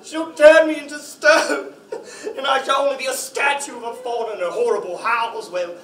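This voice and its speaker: Before an audience in a library hall, a male stage actor plays a nervous, fussy, guilt-ridden faun, stammering and exclaiming often in a remorseful mood. His voice is extremely high, steady, a bit bright and at normal speed. A far camera captures echoey hall sound from a distance.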